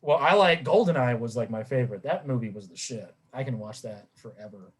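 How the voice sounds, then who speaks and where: A man guesting on a podcast in casual chat, joking and bantering in an animated way. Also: medium pitch, fairly quick, husky.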